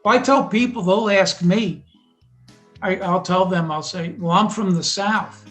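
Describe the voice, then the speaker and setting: A man's voice: high-pitched, unhurried, a bit bright, soft background music. A man with a New Jersey accent calling in to a radio show and telling jokey stories in a chatty way. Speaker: caller. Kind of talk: casual storytelling.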